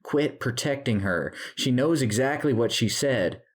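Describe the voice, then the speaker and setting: A man's voice: sits low, extremely slow, a bit bright, heavily acted. A man voicing an angry teenage boy with a short fuse. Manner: aggressive and snarling.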